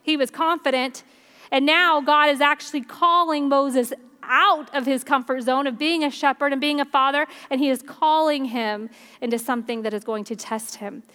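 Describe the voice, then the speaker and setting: A woman's voice: high-pitched, moderate pace, bright, forceful tone. A woman preaching a sermon at a church service in an earnest, conversational way.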